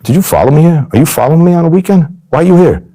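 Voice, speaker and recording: A man's voice: a little high, lively intonation, fast, darkish tone, voice pushed up, natural voice. A man voicing a menacing male mobster who fires accusing questions at someone he suspects.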